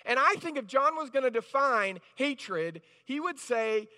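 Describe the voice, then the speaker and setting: A male pastor delivers a sermon in a loose, conversational style, with frequent restarts. His voice sits very high and bright. The reverberant church hall gives every phrase a long tail. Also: animated, a little slow, few pauses.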